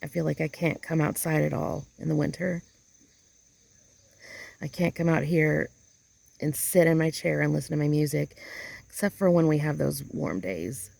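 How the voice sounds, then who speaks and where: A woman's voice: low voice, normal speed, creaky, long pauses, a little mellow, no echo. A woman talking casually in an outdoor vlog, rambling and emotional as she hunts for the right words. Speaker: vlogger. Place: outdoors in a yard chair.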